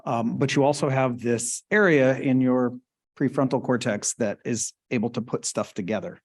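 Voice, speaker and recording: A man's voice: medium pitch, normal speed. Casual man lecturing, "right?" after each point. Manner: explains casually, checks in with frequent "right?", asks the audience questions. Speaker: webinar presenter. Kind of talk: conversational lecture.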